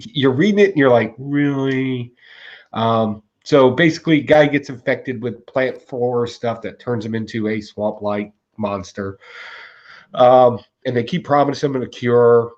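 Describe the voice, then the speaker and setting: A man in his forties co-hosting a comic book podcast, ranting about a bad comic in a casual, animated way with laughs. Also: lowish voice, highs cut off. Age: 40s. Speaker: podcast co-host.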